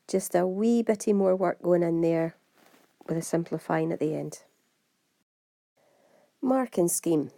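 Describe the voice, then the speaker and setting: Scottish woman, maths teacher, brisk and step-by-step, lowish mellow voice, dry close sound. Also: dry recording. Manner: brisk, step-by-step, talks to students directly. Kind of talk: exam walkthrough lesson.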